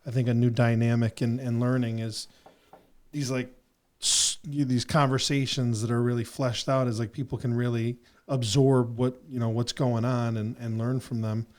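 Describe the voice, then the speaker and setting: A man's voice: medium pitch, level tone, normal speed, a little mellow. Earnest rambling male podcast host. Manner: earnest and rambling, with many "you know" fillers. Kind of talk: reflective casual conversation.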